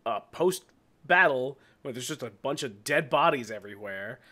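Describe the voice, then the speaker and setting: A man co-hosting a podcast, chatting casually about a TV episode, laughing often and acting out lines from scenes. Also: mid-range voice. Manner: relaxed, laughs often, acts out scenes in quick voices. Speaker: podcast co-host. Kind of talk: casual TV recap chat.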